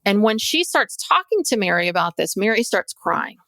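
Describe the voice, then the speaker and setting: A woman's voice: medium pitch, sing-song, normal speed, vocal fry, sharp tone, no echo. A woman therapist co-hosting a podcast, recapping a show in a chatty storytelling way with fillers. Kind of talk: casual recap chat.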